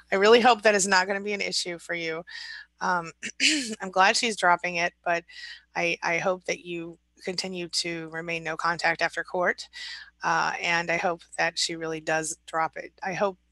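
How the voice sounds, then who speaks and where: Woman, live-stream host, supportive and chatty, bright forceful tone, fairly low pitch. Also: steady tone, moderate pace, dry recording, low-quality recording. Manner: chatty and supportive, reads comments aloud then responds. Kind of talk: casual live chat reading viewer comments.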